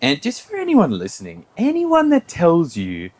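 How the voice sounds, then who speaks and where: A man's voice: on the high side, huge pitch swings, normal speed, darkish tone. A man co-hosting a podcast, chatting casually and telling a story, acting out the people in it and laughing often. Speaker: podcast co-host. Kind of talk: casual chat.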